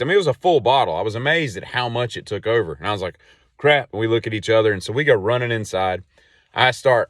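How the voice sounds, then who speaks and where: A man hosting a podcast and telling a long casual story in a rambling, animated way with many asides. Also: fairly low pitch, dry recording, clean studio sound. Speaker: podcast host.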